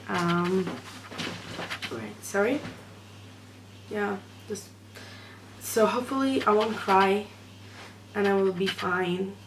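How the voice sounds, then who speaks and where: A woman who is not a native English speaker, talking in an emotional, hesitant vlog from her room at night, full of fillers and restarts. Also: medium pitch. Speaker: fan vlogger. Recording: echoey room, noisy background.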